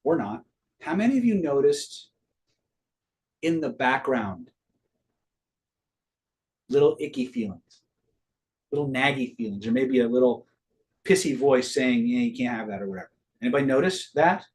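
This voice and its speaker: A man's voice: mid-range voice, big pitch swings, normal speed, long pauses, a little mellow. A middle-aged man teaching a live online master class in a casual way, swearing freely and quizzing his audience.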